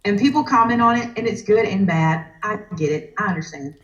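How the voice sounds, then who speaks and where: A woman with a Southern US accent talks through a live crafting session with a chatty, storytelling ease. Her pitch moves a lot as she talks. The room adds a noticeable echo. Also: expressive, brisk, muffled recording. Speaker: guest crafter. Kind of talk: casual chat on a live crafting stream.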